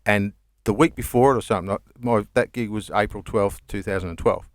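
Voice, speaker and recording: A man's voice: lowish voice, fairly quick, dry recording. A comedian man with an Australian accent, telling rambling stories in casual chat, laughing and swearing as he goes. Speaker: comedian guest.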